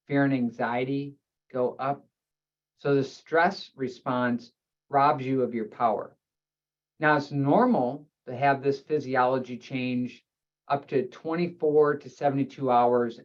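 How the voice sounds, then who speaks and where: A man who works as a chiropractor, giving a health webinar presentation and explaining terms in steady lists. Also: medium pitch, muffled recording.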